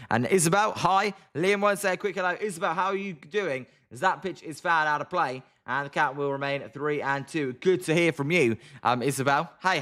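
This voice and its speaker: A British man commentating a baseball game on a live stream, calling pitches and chatting with viewers by name. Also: sharp tone. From Britain. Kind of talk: casual live play-by-play and chat reading.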